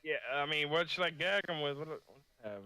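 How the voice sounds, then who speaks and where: A man playing a tabletop role-playing game in a casual, laid-back way. His voice is bright, with a lively, swinging pitch. He swears casually and reads his dice rolls aloud. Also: fast, clear, resonant tone, no echo, rough recording. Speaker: player.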